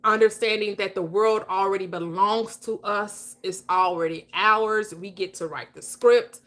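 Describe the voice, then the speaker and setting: A woman's voice: medium pitch, fairly even intonation, measured pace, fairly bright tone. A woman hosting a livestream, giving a casual motivational talk with emphatic, preachy delivery and frequent laughter. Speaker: livestream host.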